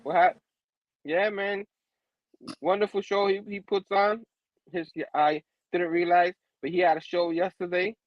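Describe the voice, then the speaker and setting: A man's voice: high voice, fairly even intonation, measured pace, dry recording, muffled recording. A man hosting a casual comic book review show, laughing often and saying "you know what I mean" again and again. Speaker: host.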